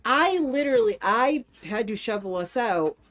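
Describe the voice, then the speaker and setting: A woman's voice: a little high, animated, moderate pace, a bit bright. A young woman co-hosting a casual chat, rambling and swearing freely as she acts out quotes. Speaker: co-host.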